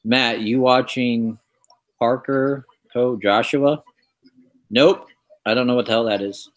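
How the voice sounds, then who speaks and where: A man hosting a casual livestream, rambling in a relaxed way with lots of fillers as he shows off his kitchen. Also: medium pitch, takes it slowly. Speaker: livestream host. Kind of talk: casual chat, showing his kitchen pantry on stream.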